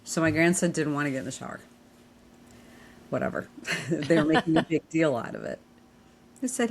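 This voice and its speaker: A woman's voice: low-pitched, normal speed, pauses often, a little hiss or hum. An older woman chatting casually on a podcast, telling family stories and acting out the dialogue. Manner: storytelling, acts out family dialogue. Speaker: podcast co-talker. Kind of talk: casual chat.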